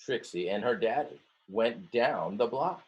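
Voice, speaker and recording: Animated, husky-voiced male teacher. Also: fairly low pitch, unhurried. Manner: animated, stretching words and acting out story voices; stops often to explain and talk to the class. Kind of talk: reading a picture book aloud to students.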